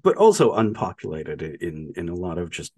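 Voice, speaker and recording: A man co-hosting a podcast, talking through a film in a halting, casual way with frequent restarts. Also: low-pitched, huge pitch swings, mellow, slightly rough, no room sound, studio quality. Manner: halting, many restarts and fillers, laughs often. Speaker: podcast co-host.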